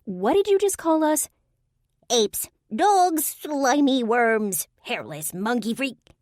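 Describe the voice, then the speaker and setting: A woman voicing a small, bratty woodland fairy with a shrill, nasal voice. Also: big pitch swings, slow, dry recording, clean studio sound. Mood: indignant. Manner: shrieking, whiny and insulting.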